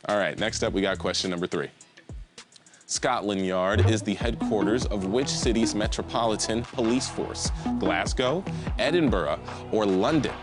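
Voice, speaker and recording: A man's voice: on the low side, normal speed, music in the background. A man hosting a live trivia game show, reading questions and cracking goofy jokes between them. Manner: jokey, animated, goofy asides.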